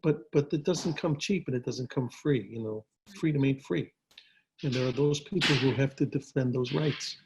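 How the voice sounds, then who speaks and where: Over a video call from home, an older actor relaxes into a casual storytelling interview, with frequent restarts and repeated words. His voice is medium-pitched, and the low-quality recording carries slight background noise.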